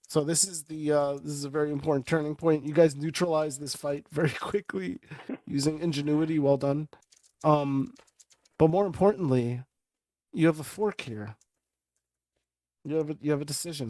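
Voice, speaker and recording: A man as game master, narrating and explaining rules in a relaxed, conversational way. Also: a little high, no room sound, poor audio. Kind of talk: running a tabletop game.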